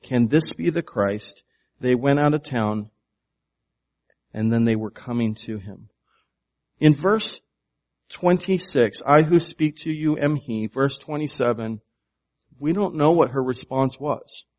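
A man delivering a sermon at a medium pitch, leaning hard on key words and dropping low for others. He keeps turning to the congregation with questions. The recording sounds a little dull and muffled. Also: a little slow, pauses often, darkish tone. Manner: emphatic, varies volume for stress. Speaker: pastor.

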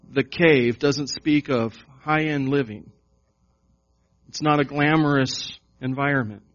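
A male pastor delivers a sermon at an unhurried, deliberate pace, driving his points home with repeated questions. His voice sits a little high for a man. The recording is dull and lo-fi. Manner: slow, emphatic preaching with repeated questions. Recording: dull lo-fi sound.

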